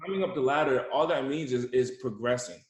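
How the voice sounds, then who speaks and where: A man's voice: mid-range voice, brisk. A young adult man, an entrepreneur, giving a motivational account in an interview, emphatic and repeating words as he builds a point. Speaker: entrepreneur guest. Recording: roomy echo.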